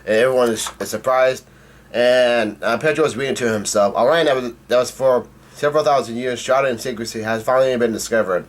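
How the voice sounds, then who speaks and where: A man reading through a comic chapter casually, haltingly, with restarts and blunt asides. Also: mid-range voice. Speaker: comic reader and reviewer.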